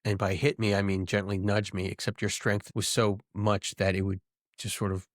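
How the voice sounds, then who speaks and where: A man's voice: normal speed, dry recording. Young guy cohosting a podcast, goofy rants, voice jumps up when he's fired up, dead dry mic. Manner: animated, jokey, rants with rising pitch. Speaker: podcast co-host. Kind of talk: casual banter.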